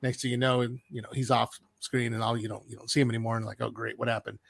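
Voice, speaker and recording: A man co-hosting a podcast, retelling an episode in a rambling, animated way with playful asides. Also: mid-range voice, quick pace, creaky, no room sound, studio quality. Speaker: podcast co-host. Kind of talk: casual chat.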